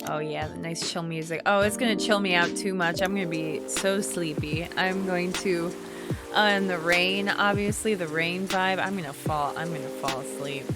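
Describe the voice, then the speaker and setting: A tired young woman streaming a game, chatting casually with viewers in a slow, drowsy manner, with frequent laughs and sighs along the way. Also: fairly low pitch, loud music behind the voice. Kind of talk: casual gaming stream chat.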